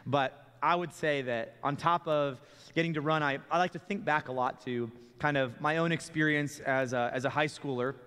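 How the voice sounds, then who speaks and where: Young guy pastor talking sermon, kinda high voice, echoey church hall, chatty and stumbly. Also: fairly even intonation, moderate pace, a bit bright, smooth. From Texas. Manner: conversational, repeats words when starting phrases. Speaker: student ministry pastor. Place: church sanctuary. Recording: long reverb of a church hall.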